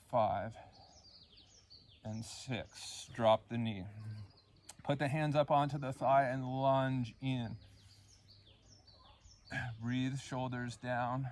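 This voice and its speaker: A man leading a yoga class, cueing poses and breaths in a calm, unhurried way and counting the holds. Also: medium pitch, slight background noise. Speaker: yoga instructor. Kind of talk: guided yoga class instruction.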